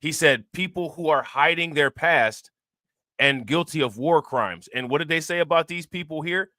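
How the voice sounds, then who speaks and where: This man talks casually over news clips with a bright, forceful tone, close to a dry mic. He keeps putting questions straight to his audience. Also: a little high, moderate pace, no room sound. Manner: fires rhetorical questions at viewers. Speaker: reaction channel host. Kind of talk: casual commentary.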